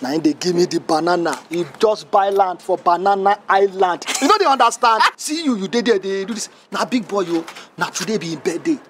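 A cheeky young gateman with a Nigerian accent, boastful and full of swagger in a Nollywood film. His voice sits noticeably high for a man, and a faint hiss runs behind it. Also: a little fast, hardly any pauses, a bit bright. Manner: boastful and cheeky in pidgin English.

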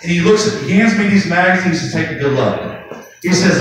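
A man doing a stand-up comedy routine, acting out shrill voices in his stories. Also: normal speed, background noise. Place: comedy club stage. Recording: echoey club from a distant mic. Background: audience laughter.

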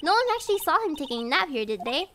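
A woman's voice: sits high, big pitch swings, very fast, pushed and bright, slight background noise. A young woman streaming a game, chatting in a bubbly, giggly way with her viewers. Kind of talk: casual live-stream chat while gaming.

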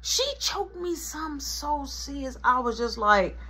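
Bright, high woman storyteller; dramatic, playful comedy delivery. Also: expressive, takes it slowly. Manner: dramatic, breathless, playful retelling. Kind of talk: first-person comedy storytime skit.

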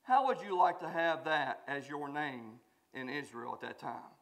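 A man with a Southern American accent preaching a folksy sermon in a church, swinging from quiet asides to shouted emphasis. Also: on the high side, measured pace. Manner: folksy, joking. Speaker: guest preacher. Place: church sanctuary.

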